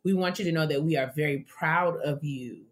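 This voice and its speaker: A woman's voice: low-pitched, moderate pace. A woman co-hosting a casual podcast, reading listener letters aloud with playful, affirming asides. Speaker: podcast co-host.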